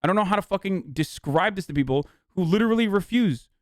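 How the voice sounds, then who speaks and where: A man's voice: high voice, lively intonation, quick pace, dry recording, clean studio sound. A man streaming political commentary in a heated, exasperated, profane rant, restarting sentences as he goes.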